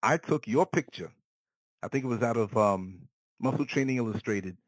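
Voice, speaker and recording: A man's voice: mid-range voice, moderate pace, no room sound, rough recording. A man hosting an interview, eager and supportive as he tells his own story. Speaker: host. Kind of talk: casual interview chat. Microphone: call-in line.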